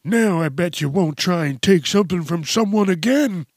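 A man voicing a feisty old male war veteran in a comedy sketch, boastful and shouting in a high strained voice. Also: lively intonation, normal speed, no echo, clean studio sound.

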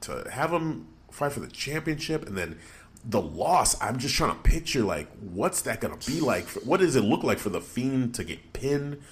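A young man co-hosting a casual podcast, animated and quick to exclaim in disbelief. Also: mid-range voice, slight background noise. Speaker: podcast co-host. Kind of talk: casual wrestling podcast chat.

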